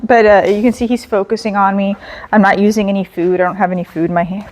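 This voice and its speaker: Talking at a quick pace in a mid-range voice, a female dog trainer walks through a training session. She gives the dog calm, patient commands and gentle praise.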